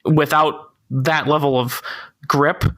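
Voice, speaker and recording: A man's voice: on the high side, level tone, takes it slowly, a bit bright, no room sound. A young man co-hosting a casual car podcast, laughing often and explaining technical details in a laid-back way. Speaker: podcast co-host.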